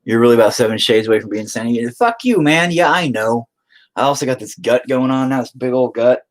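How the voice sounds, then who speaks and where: A man talks loosely to a live-stream audience while he works on a painting. He swears constantly and rambles from one joke to the next. His pitch swings widely, rising high and dropping low. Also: expressive, a little fast. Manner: profane, rambling, jokey. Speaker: streaming artist.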